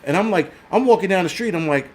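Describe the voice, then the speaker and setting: A fast-talking older man with a high-sitting, animated voice rants angrily on his New York City prepper channel, heavy with profanity and sarcasm as he mocks others' voices.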